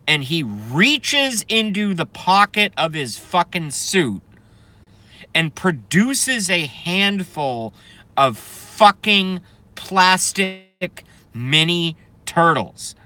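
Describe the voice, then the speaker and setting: A man's voice: sits high, big pitch swings, drawn-out words, pushed and bright. A man doing a comedic, profane live stream rant, keeps breaking into laughing fits. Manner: profane, sarcastic.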